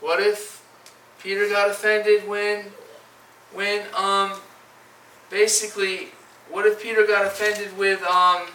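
A man preaching a sermon in an animated way, with restarts and dramatic pauses. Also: high-pitched, a little hiss or hum. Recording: echoey room, mic from far off.

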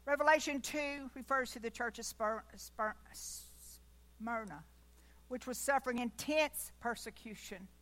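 A woman's voice: fairly high pitch, a little slow, a bit bright. A woman giving a folksy church sermon, with chatty asides and jokes along the way. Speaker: preacher.

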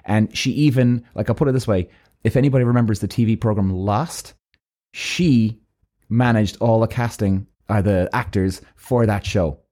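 An Irish man telling a personal story in a loose, swearing, animated way, acting out both sides of each conversation. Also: fairly low pitch, moderate pace. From Ireland. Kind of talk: casual storytelling.

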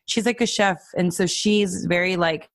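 A woman's voice: lowish voice, normal speed, dry recording. A woman co-hosting a casual podcast, chatting in a rambling, giggly way with lots of fillers. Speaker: podcast co-host. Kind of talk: casual chat.

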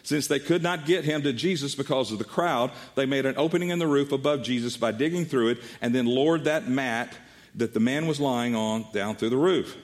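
A middle-aged man preaches as a pastor, retelling a story from the pulpit. He talks in an animated way and slips into the voices of the people he quotes. His delivery keeps the pace of spoken storytelling. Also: medium pitch, a little fast. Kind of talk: sermon.

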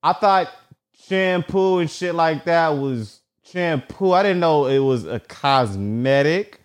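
A man riffs alone in casual commentary, reading bits of text aloud with stops and restarts. His voice sits a little high and his pace stays slow. He jokes and swears freely. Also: animated. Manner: profane, joking, reads search results aloud haltingly. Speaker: vlogger.

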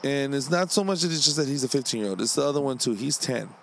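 A man co-hosting a casual podcast, ranting with heavy swearing and swinging from low grumbles to loud outbursts. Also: animated, fast, vocal fry, a little hiss or hum. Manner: profane, heated ranting. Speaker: podcast co-host.

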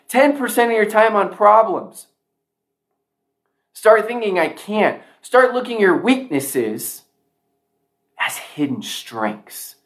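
A man's voice: high voice, a bit bright. A man giving a motivational speech to a sales audience, emphatic, often repeating key lines for effect. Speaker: motivational speaker.

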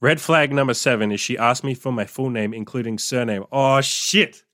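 Give me a young man reading his own old story on a podcast and breaking off into crude, exasperated commentary. His voice sits at an ordinary middle pitch. It is close on the mic in a dry, dead-sounding room. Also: a little fast, fairly bright tone, no room sound. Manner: crude, swearing, exasperated asides. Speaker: podcast host and dating coach.

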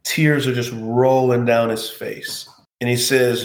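A man's voice: medium pitch, little pitch movement, takes it slowly. A man, a former pro football player, earnestly recounting a personal story as an interview guest. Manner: earnest, heartfelt, reflective. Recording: roomy echo.

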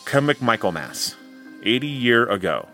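Male narrator voicing a shrill, aged villager in a storybook reading, bright and raised. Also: very animated, unhurried, faint music behind, exaggerated voice. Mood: proud. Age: older. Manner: shrill, reminiscing. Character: shrill, very old village man.

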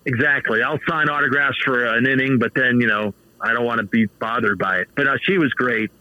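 A man in his fifties telling baseball stories as a guest in a casual interview, animated and laughing often. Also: medium pitch, fairly quick, no echo, highs cut off. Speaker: author and baseball manager guest.

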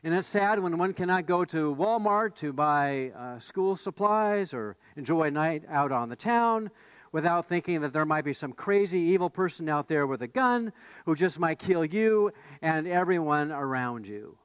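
A male pastor preaching a conversational sermon, with fillers and restarts, rising to animated outbursts when he voices the disciples. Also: fairly high pitch, moderate pace, clear, resonant tone, no room sound, muffled recording.

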